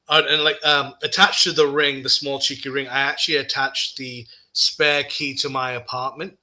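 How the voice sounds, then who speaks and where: A man's voice: mid-range voice, normal speed, hardly any pauses, low-quality recording. A man telling a funny story in casual chat, laughing as he goes. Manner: animated, laughing while telling stories. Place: live studio conversation.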